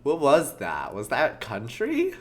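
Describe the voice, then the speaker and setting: Brief: giggly, chatty streamer, unhurried, wide pitch swings. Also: huge pitch swings. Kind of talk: casual game commentary.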